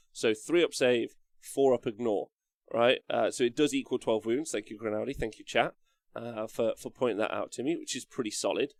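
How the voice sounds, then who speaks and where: A man hosting a live stream, cheerful and chatty as he thanks viewers by name. His voice carries a gravelly fry at mid pitch. The sound is dry and close to the mic. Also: dry recording. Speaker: wargaming stream host.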